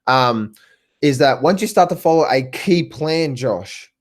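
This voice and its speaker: A man with an Australian accent coaching traders on a live stream. He talks excitedly, repeats himself, laughs often and calls viewers by name. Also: medium pitch, unhurried. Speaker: trading coach. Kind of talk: live stream talk answering viewers in chat.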